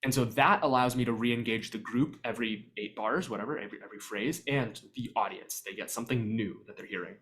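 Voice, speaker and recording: Man, workshop presenter on a video call; relaxed explanatory delivery, filler-heavy. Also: mid-range voice, a little fast, hardly any pauses. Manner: explanatory, conversational with frequent ums. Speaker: vocal percussion workshop presenter. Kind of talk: virtual workshop lecture.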